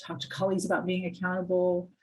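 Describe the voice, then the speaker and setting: A woman's voice: fairly low pitch, monotone, fast talker, a little hiss or hum, poor audio. Woman psychologist coaching a workshop. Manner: direct, coaching, asks the audience questions. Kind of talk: interactive workshop teaching.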